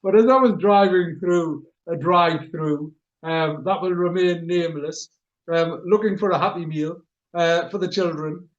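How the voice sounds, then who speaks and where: A middle-aged radio show host tells an anecdote on a casual chat show, chuckling at himself as he goes. His voice is a little high and a little slow, and the sound is lo-fi. He's an animated storyteller.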